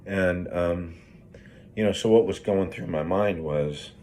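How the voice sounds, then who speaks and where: A man's voice: deep voice, slow pace, mellow, a little hiss or hum. A middle-aged man in recovery, grieving and talking candidly in a rambling, profane way with many fillers and restarts. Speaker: project manager in recovery. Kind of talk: candid personal vlog.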